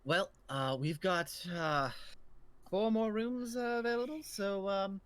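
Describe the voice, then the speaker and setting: A man's voice: sits high, slow pace, fairly bright tone, smooth, voice pushed up. Man playing Grandma Grace, hesitant old innkeeper. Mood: kindly. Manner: hesitant, full of ums and uhs. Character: kindly older woman innkeeper, Grandma Grace.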